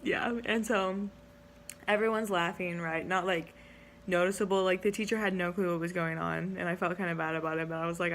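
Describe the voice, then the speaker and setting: In a casual vlog, a young education student chats her way through a story, giggling and leaning heavily on the word "like." Her voice sits at a medium pitch, and a faint hiss or hum runs underneath.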